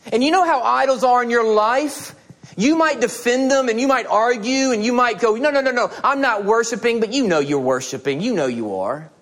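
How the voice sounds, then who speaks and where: A middle-aged man preaching a sermon, telling stories and acting out the dialogue in them. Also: very high voice. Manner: animated storytelling, acting out dialogue. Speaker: pastor.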